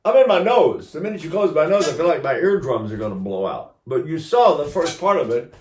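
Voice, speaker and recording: A man's voice: fairly high pitch, very animated, a little fast, a little mellow, reverberant, slight background noise. An older man teaching singing in a casual, rambling way, breaking into sung vowels to demonstrate.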